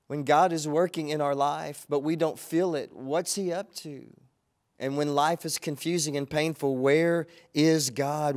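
A pastor with a voice on the high side preaches a sermon, reading scripture dramatically. He asks his listeners pointed questions with rising feeling.

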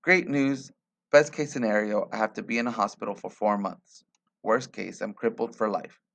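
Man voicing a blunt teasing young guy, low, gravelly. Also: fairly even intonation, normal speed, fairly bright tone. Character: teasing young colony worker.

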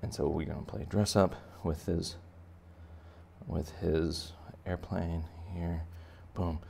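Low gravelly guy teaching kids to draw, playful and chatty. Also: steady tone, slow, warm tone, a little hiss or hum. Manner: playful, chatty, talks to children directly. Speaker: art teacher. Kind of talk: step-by-step drawing lesson for kids.

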